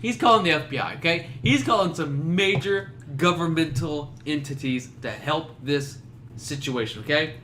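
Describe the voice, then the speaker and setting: A young man co-hosting a podcast in casual chat, recapping with animated storytelling. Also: fairly high pitch, normal speed, slight background noise. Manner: animated storytelling with acted-out quotes. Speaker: podcast co-host.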